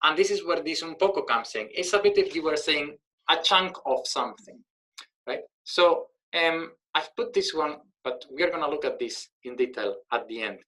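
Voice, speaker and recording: A man's voice: fairly high pitch, lively intonation, moderate pace, pushed and bright, low-quality recording. A man explaining Spanish grammar in English as a teacher, thinking aloud with fillers and slipping Spanish words in.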